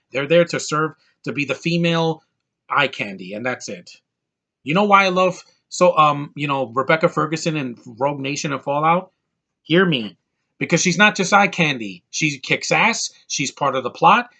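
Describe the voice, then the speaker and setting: Forceful ranting male movie reviewer. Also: mid-range voice. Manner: blunt, ranting, exasperated. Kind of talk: casual opinionated film review.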